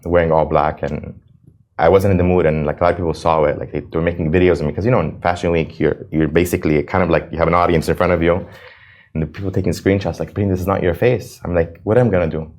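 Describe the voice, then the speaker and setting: A man's voice: sits low, little pitch movement, fast, darkish tone. A man, a reality show cast member and cafe owner, answering interview questions earnestly and repeating words when he is moved. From United States.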